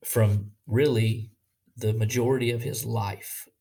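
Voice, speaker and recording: A man with a Southern accent, a pastor talking in a casual podcast conversation, earnest and halting, with many restarts. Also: medium pitch, fairly even intonation, dark tone, breathy edge. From Bible Belt, US.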